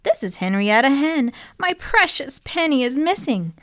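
A woman's voice: very animated, normal speed, fairly bright tone, dry recording, clean studio sound. Woman playing a fretful mother hen. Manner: high, fretful clucking. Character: fussy worried mother hen.

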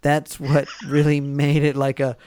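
A man's voice: a little high, monotone, measured pace, background noise. A man telling rambling stories in casual chat, full of fillers and restarts.

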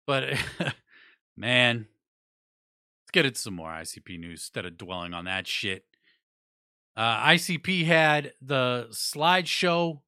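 A man's voice: medium pitch, sharp tone, dry recording, studio quality. A man giving a blunt, profane, rambling music review in casual chat. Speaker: music news vlogger.

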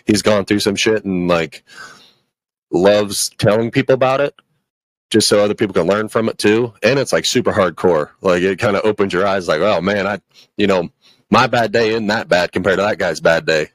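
A man's voice: on the low side, normal speed, no echo, rough recording. A man co-hosting a podcast, talking in a laid-back casual way, full of "dude" and "bro". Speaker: podcast co-host. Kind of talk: casual chat.

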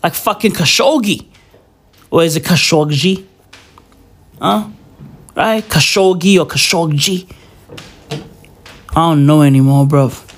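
A man's voice: fairly high pitch, takes it slowly, pauses often. A young man vlogging a profane, rambling, mock-serious rant at home, peppering it with slang. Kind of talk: casual rant to camera. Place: indoors at home at New Year.

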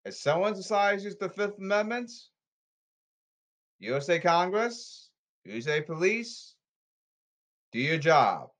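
A man hosting a solo podcast, talking in a rambling, repetitive and emphatic way with halting stop-start phrases. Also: sits high, sing-song, fairly bright tone. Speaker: podcast host.

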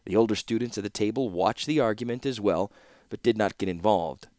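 A man reading a fantasy novel aloud in steady, even scripted narration. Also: lowish voice, fairly quick, no room sound, studio quality. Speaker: audiobook narrator.

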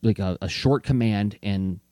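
Male co-host, lively and jokey, low voice, dry close mic. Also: a little slow, dry recording. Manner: animated, does silly voices, laughs often. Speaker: podcast co-host. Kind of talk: casual chat.

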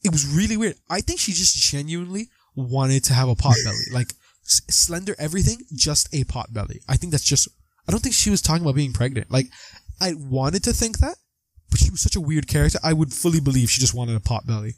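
A young man chatting casually about a film on a podcast, animated, acting out quotes from scenes. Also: fairly high pitch, no room sound. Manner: animated, acts out lines with quick voice jumps. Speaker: podcast co-host. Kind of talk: casual movie discussion.

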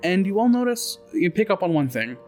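A man narrating as game master of a tabletop role-play, relaxed and full of fillers. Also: sits high, a little fast, soft background music. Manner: relaxed, with many fillers and restarts.

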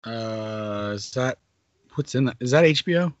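A man in his thirties co-hosting a casual chat, relaxed and hesitant, trailing off with fillers, in a dull, muffled recording. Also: medium pitch, measured pace, dry recording.

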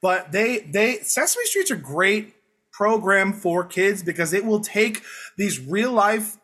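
A young man from Long Island in his late twenties, chatting casually on a podcast. His voice sits high and bright with a husky edge, and he tells stories in a loose, rambling way, chuckling as he goes. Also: sing-song, takes it slowly. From Long Island, New York. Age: late 20s. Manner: rambling storyteller, laughs through his lines. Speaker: podcast guest. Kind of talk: casual chat.

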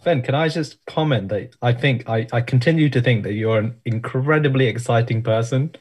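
A man co-hosting a podcast with a husky, slightly rough voice. He tosses in dry, deadpan teasing remarks in casual banter. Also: mid-range voice, moderate pace. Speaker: podcast co-host.

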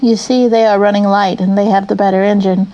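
A grave, steady train driver from a storybook, read by a woman, stern yet soft-hearted underneath. The voice is mellow and warm at a mid-range pitch. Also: lo-fi sound, lightly acted. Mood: urgent. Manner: steady and grave, slow when warning. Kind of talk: audiobook character reading.

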